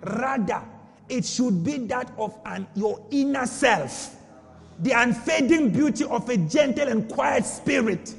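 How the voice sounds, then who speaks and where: A male preacher with a strikingly high, lively voice, driving home his points with repetition and rhetorical questions. He is heard in a hall with a long reverb, with faint music underneath. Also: a little slow, gravelly. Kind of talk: sermon.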